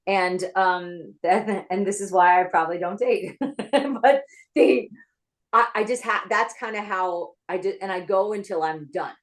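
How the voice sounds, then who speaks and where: A woman screenwriter and former actress telling her story in an interview, talking in a chatty, animated way from her home office over a video call. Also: medium pitch, a little slow, low-quality recording.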